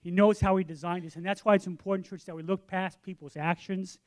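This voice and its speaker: A man preaching a sermon in a church, telling stories with lively acted-out voices. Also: high-pitched, fairly quick. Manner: animated storytelling, acts out his own voice and others'. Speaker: pastor. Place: church sanctuary.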